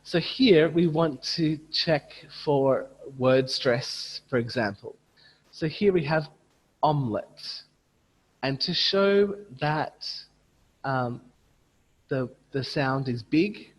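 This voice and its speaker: A man leading an online teacher training, patiently modelling words slowly and repeating them for his audience over a video call. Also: on the high side, slightly rough, big-room sound, rough recording. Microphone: computer mic on a video call.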